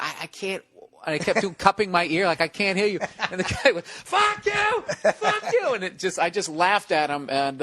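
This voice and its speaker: A man's voice: on the high side, no echo, clean studio sound. A man, a stand-up comedian, telling profane stories in casual talk-show chat and acting out the people he quotes. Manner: profane, animated storyteller who acts out quotes.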